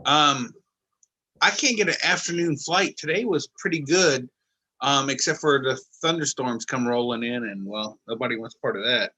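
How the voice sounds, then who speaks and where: A man chatting and teasing loudly on a video call, casual and joking. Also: mid-range voice, moderate pace, husky. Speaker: co-host of an online video call show.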